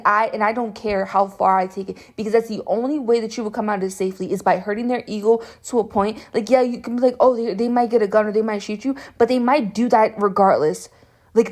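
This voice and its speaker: Impassioned young woman vlogging. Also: medium pitch. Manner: impassioned, upset, rambling with many restarts. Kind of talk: reaction commentary to camera.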